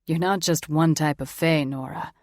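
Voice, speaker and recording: A woman's voice: deep voice, steady tone, normal speed, no room sound, clean studio sound. A woman reading the part of a cocky, grinning young man with a teasing manner. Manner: cocky, teasing, loud laugh.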